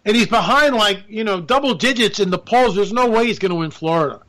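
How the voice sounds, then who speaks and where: A man giving a casual political monologue, animated and sarcastic, with joking asides. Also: sits high, fairly quick. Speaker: political commentator.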